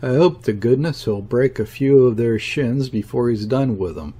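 A man voicing an awed, excitable ship's mate in an audiobook, with an odd, eager way of speaking. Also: mid-range voice, normal speed, slightly rough. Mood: excited. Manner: eager, odd-sounding, breathless wonder.

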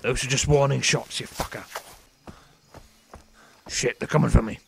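A man giving comedic in-character commentary over a video game, swearing constantly and breaking into sudden excited outbursts. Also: medium pitch, normal speed, gravelly, slight background noise. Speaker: gameplay commentator.

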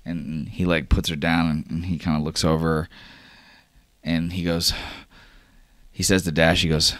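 A man's voice: low voice, flat delivery, measured pace, pauses often, fairly bright tone, no room sound, clean studio sound. A man narrating as game master of a tabletop role-playing game, casual and swearing freely with lots of fillers.

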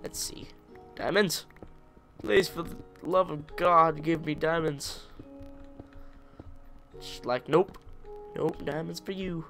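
Guy narrating his gameplay, kinda high pitched, talks slow, jokes about feeling sorry for himself and argues with game mobs. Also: creaky, a bit bright, faint music behind. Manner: chatty, jokingly self-pitying, talks to game mobs. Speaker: let's play gamer. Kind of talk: casual gameplay commentary.

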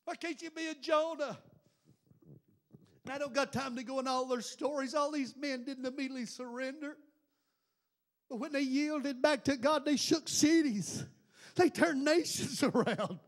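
A pastor preaches in a strikingly high voice. He piles up fervent rhetorical questions to his congregation in the church. It is a classic revival-style sermon. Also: moderate pace. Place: church building before a congregation.

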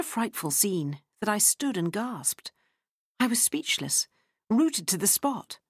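A woman narrating a novel in the first person, telling it in an expressive, dramatic storytelling manner. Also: on the low side, unhurried, no echo, studio quality. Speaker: audiobook narrator.

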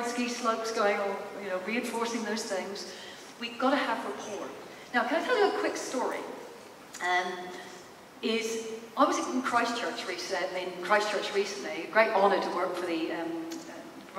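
A woman psychologist giving a lively, engaging talk in a large expo hall, asking the audience questions, heard from a distant mic with a roomy echo. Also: medium pitch. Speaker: psychologist and speaker. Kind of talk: public presentation. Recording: echoey hall, distant mic, faint noise.

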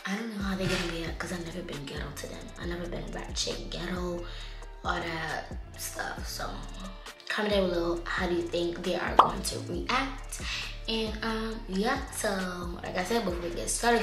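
A woman hosting her own vlog in a chatty, upbeat way, sometimes dropping to a hushed voice. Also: lowish voice, moderate pace. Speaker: vlog host. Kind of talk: casual vlog chat. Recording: echoey room with loud music behind.

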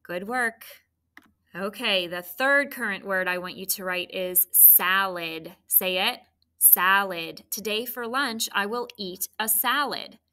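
Woman teacher, spelling lesson for kids, slow and careful, bright tone, patient questions. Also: mid-range voice. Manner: clear, patient, prompting questions. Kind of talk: recorded spelling lesson for children.

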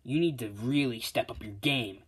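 A stern male hero father, as a man reads him, blunt and demanding. The voice stays close to the narrator's plain, medium-pitched speech. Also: normal speed, a bit bright, slightly rough.

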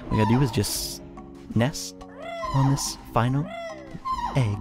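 A man's voice: medium pitch, unhurried, music in the background. A man giving casual gameplay commentary, chatty and self-deprecating, laughing often at his own mistakes. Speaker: let's play commentator.

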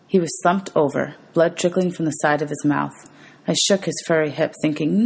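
A woman's voice: deep voice, normal speed, vocal fry, a little mellow, husky. A woman teacher reading a novel aloud for students, steadily narrating and calling out page numbers.

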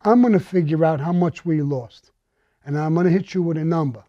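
A man's voice: on the high side, fairly quick, no echo, highs cut off. A man bluntly recounting a violent crime story, swearing often and speaking with menace.

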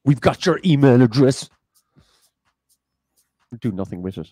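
A man's voice: mid-range voice, animated, measured pace, dark tone, breathy edge, no echo. A man hosting an online quiz, reading out questions with jokey asides. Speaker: quiz host.

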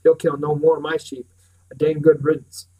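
A man voicing a scowling, gruff farmer who growls with contempt, heard from a distant mic. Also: fairly high pitch, level tone, normal speed, mellow, lightly acted. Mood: furious.

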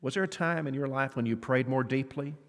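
The long reverb of a church hall surrounds a man preaching in a church auditorium. His medium-pitched voice moves fairly quickly as he addresses listeners earnestly and conversationally, posing questions to them.

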